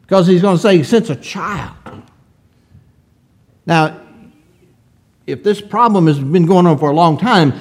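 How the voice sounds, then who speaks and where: A man preaching a sermon, reading old-fashioned scripture aloud and asking his listeners rhetorical questions. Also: high voice. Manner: slow, deliberate preaching with rhetorical questions and swells of emphasis.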